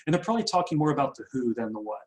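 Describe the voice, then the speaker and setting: A man giving a business coaching webinar, talking in a loose, conversational way and often restarting his sentences. His voice sits at an ordinary middle pitch and carries a noticeable echo from the room around him. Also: expressive, very fast. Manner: conversational, with frequent fillers and self-corrections. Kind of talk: recorded webinar presentation.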